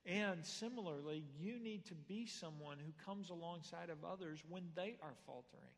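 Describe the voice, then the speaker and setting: A man, a pastor, preaching a sermon in a church sanctuary, telling stories and moving between quiet asides and loud punchlines. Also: a little high, moderate pace, gravelly, in a large hall.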